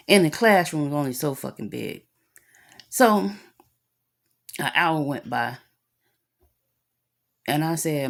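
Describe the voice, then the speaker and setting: A woman's voice: sits low, expressive, takes it slowly, creaky, pauses often. A woman, telling a story about her son in an angry rant full of profanity. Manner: angry, profane, talks with lots of cussing.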